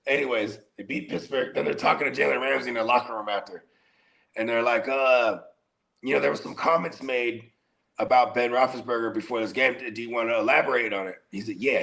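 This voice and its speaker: Gravelly, animated fantasy-football co-host. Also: male voice, medium pitch, brisk. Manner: animated storyteller, laughs at his own stories, slangy. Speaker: podcast co-host. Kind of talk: casual sports chat.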